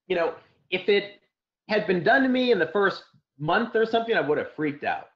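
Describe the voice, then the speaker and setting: A man telling a long personal account as an interview guest, rambling with many fillers and restarts. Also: fairly high pitch. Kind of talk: casual spoken account. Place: Santa Clara area. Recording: dull lo-fi audio.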